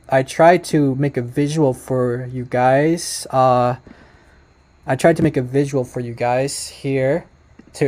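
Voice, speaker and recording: A man's voice: mid-range voice, dark tone. A man giving casual, emphatic commentary while reacting to a video, often correcting himself and talking to his viewers.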